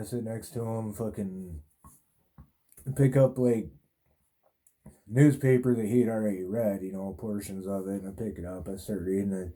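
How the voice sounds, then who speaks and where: A man with a very dark, mellow voice and a fairly low pitch tells a rambling story as a podcast host. He talks in a laid-back way, swearing freely and padding his lines with fillers. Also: moderate pace, long pauses.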